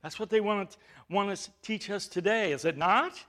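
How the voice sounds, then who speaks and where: A man's voice: high-pitched, normal speed, fairly bright tone. A male pastor preaching a sermon, emphatic, with rhetorical questions and rising bursts of volume.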